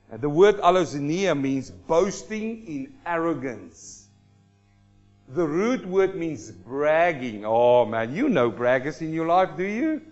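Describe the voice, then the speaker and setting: A man preaching a sermon to a congregation, lively and theatrical, breaking into quick acted-out asides. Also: medium pitch, dull audio. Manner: animated, acts out everyday people in quick asides. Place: church congregation hall.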